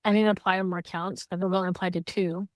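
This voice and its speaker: Candid, low-voiced podcast woman. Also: fast, no echo, clean studio sound. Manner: candid, animated when quoting others. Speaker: podcast co-host. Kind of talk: casual heartfelt chat.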